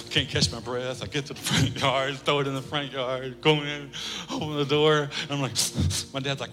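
A male pastor preaching a sermon, telling a humorous story in an animated way in a church. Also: mid-range voice, moderate pace. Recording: reverberant church hall, faint music.

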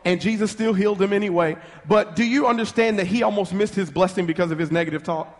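A man preaching a sermon with fervent energy, leading the congregation in call-and-response and speaking in rapid bursts with restarts. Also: high-pitched, in a large hall.

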